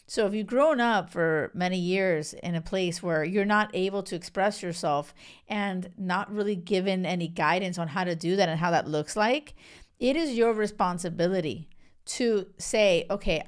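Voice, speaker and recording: A woman's voice: lowish voice, moderate pace, clear, resonant tone. A woman hosting a solo podcast as a relationship coach, speaking frankly and candidly in casual talk. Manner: frank, candid, mixes in swearing and laughs.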